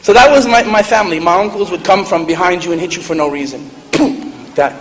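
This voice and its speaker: Male speaker, high voice, comic storytelling, hall reverb. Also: quick pace. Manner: joking, lively, laughs at own stories. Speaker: speaker at a public event. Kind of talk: humorous storytelling talk. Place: large hall with audience. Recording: echoey hall, faint noise.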